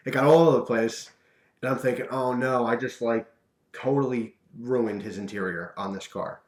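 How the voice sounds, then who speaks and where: A young man spins a long personal anecdote to the camera, rambling and animated, full of asides and fillers. His voice sits at a middle pitch, and the room around him is echoey. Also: moderate pace. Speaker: storyteller. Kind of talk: casual storytelling vlog.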